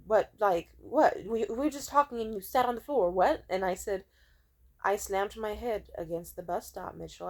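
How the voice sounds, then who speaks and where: A woman's voice: medium pitch, darkish tone. A young woman venting in a heated, profane rant, retelling an argument with quoted back-and-forth dialogue. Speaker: vlogger.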